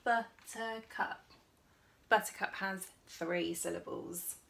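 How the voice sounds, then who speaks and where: A woman speech therapist, giving a gentle teaching demonstration and sounding out words deliberately, syllable by syllable. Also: mid-range voice. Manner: encouraging, gentle instruction. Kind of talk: slow, clear teaching demonstration.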